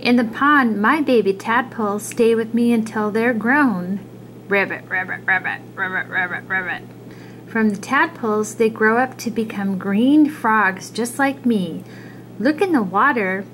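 A woman voicing a proud mother frog in a picture-book reading, croaking ribbits between her lines. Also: fairly high pitch, measured pace, a bit bright, slight background noise.

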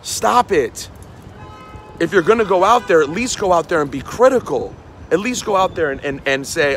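New dude in his 40s ranting hard while walking down a city street, kinda high voice, faint traffic hum behind. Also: lively intonation, normal speed, a bit bright. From New York City. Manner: heated, scolding, repeats lines for emphasis. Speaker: radio host. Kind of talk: angry street rant to camera.

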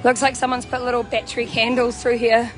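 A young woman from New Zealand livestreams as she strolls through an outdoor camp, phone in hand and music going nearby. She talks briskly in a high, level voice, bubbly and full of chat and frequent laughter.

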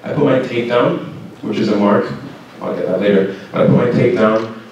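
A young adult man from Canada giving a keynote speech to students at a school banquet, telling his story in a lively way. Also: lowish voice, moderate pace, highs cut off, a little hiss or hum. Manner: lively storyteller who acts out shouted quotes. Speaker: keynote speaker. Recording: very echoey hall, mic far off.

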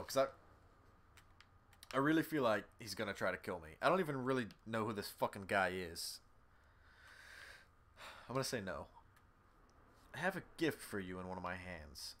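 Lively, foul-mouthed male game streamer. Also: on the low side, moderate pace, pauses often, slight background noise. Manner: swears freely and talks straight to viewers. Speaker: gaming streamer. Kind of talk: casual live gameplay commentary, reading game text aloud.

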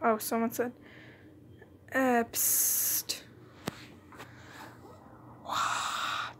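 A woman's voice: fairly high pitch, flat delivery, very slow, a bit bright, slight background noise. A woman hosting a game video, reading cards aloud in a playful, giggly way with muttered asides. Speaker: gaming channel host. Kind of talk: let's play commentary, reading cards aloud.

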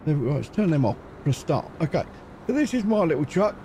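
A man's voice: a little high, big pitch swings, a little fast, warm tone, a little hiss or hum. A middle-aged man from England, talking casually and rambling as he comments on his own truck game play. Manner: chatty, rambling, self-mocking. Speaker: gaming channel host.

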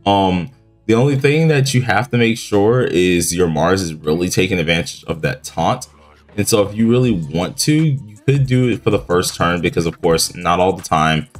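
A young man giving relaxed, rambling commentary on a mobile game match, sounding groggy with his morning voice and using casual slang. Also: low-pitched. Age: young adult.

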